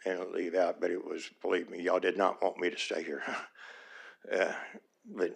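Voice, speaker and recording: A man's voice: low-pitched, little pitch movement, normal speed, gravelly. A man, a small-town mayor giving public comment at a city council meeting, earnest and pleading, his voice turning emotional as he repeats his requests.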